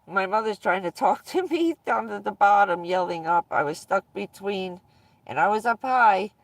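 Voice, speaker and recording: A woman's voice: medium pitch, expressive, normal speed, no echo, recorded from a distance. A woman vlogger casually telling rambling personal stories to her viewers, often breaking into laughter mid-sentence.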